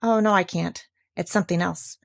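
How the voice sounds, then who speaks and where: A woman voicing a small, eager young kangaroo boy in a storybook, squeaky and breathless. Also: fairly even intonation, normal speed, gravelly, no echo, clean studio sound. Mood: excited.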